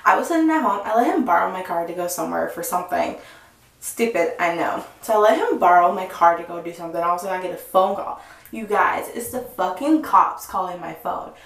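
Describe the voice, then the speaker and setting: Brief: young woman, lively cursing storyteller, recorded off-mic in a roomy space. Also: on the low side, brisk, creaky, far from the mic. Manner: animated, profane, chatty storytelling. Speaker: vlogger. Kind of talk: casual storytime. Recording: echoey room, voice off-mic.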